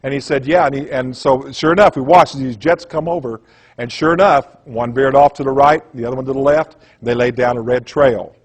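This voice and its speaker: Husky man giving an emphatic lecture. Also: mid-range voice, fairly even intonation, a little fast. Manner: emphatic, storytelling, rambling asides. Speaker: speaker giving a presentation. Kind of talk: conspiracy lecture talk.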